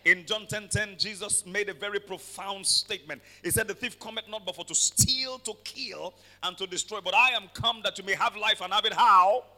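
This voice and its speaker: A man preaching a sermon, swinging from quiet passages to shouted declarations and calling for amens. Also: sits high, normal speed, few pauses, long reverb tail. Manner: calls for amens from the congregation. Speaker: pastor.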